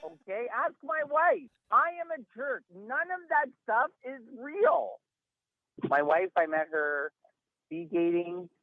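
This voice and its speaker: A man with an extremely high, expressive voice speaks slowly over a tinny phone line, in a dry, close recording. A guest in a casual phone interview, he talks emphatically and ramblingly, sounding worn out with exasperation.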